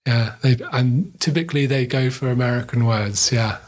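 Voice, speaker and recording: Husky-voiced man, easygoing and agreeable. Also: mid-range voice, fairly even intonation, moderate pace. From South West England. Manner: agreeable, frequent "yeah" and "absolutely". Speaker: English teacher, former teacher in China. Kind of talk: casual conversation.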